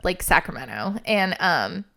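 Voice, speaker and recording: A woman's voice: on the low side, big pitch swings, unhurried, vocal fry, sharp tone. A woman in her thirties from California, chatting casually as an interview guest, full of fillers and laughing through her stories. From California, USA. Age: 30s. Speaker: podcast guest.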